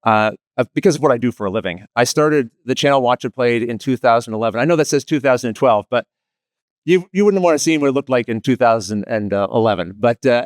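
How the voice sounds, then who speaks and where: This panel presenter, who also creates tutorial videos, is a man speaking with a Maritime East Coast Canadian accent. Talking fast at a medium pitch, he keeps the audience laughing with self-deprecating jokes and asks them questions. The sound is clean studio audio with no echo.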